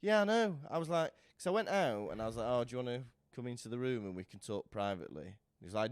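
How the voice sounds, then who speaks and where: A man's voice: medium pitch, quick pace, hardly any pauses, dry recording, clean studio sound. A man co-hosting a podcast in casual chat, telling an anecdote animatedly and acting out what others said. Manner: animated storytelling, acting out other people's lines. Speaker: podcast co-host.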